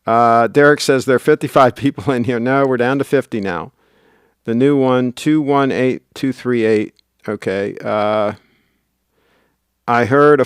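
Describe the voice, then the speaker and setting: A man's voice: medium pitch, smooth, dry recording, studio quality. A middle-aged man hosting a casual livestream, chatting, laughing often and reading viewer comments aloud. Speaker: livestream host.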